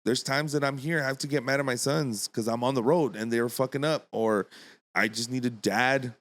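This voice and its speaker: A man's voice: mid-range voice, moderate pace. A man hosting a podcast, talking in a rambling, earnest way and often restarting his sentences. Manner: rambling, earnest, self-interrupting. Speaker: podcast host. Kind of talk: casual chat.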